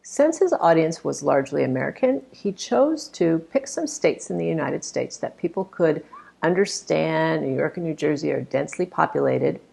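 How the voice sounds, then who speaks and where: A woman's voice: low voice, lively intonation, moderate pace, creaky, warm tone, slightly rough. A woman speech coach critiquing a talk, explaining points in an emphatic, demonstrative way. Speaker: public speaking coach.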